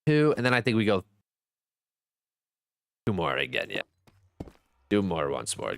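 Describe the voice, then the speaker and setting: In a casual live-stream chat while gaming, a man with a gravelly voice reads out and answers viewers' messages, thanks them, and teases himself in a jokey way. He speaks at a measured pace, pausing often, his pitch swooping wildly between high and low.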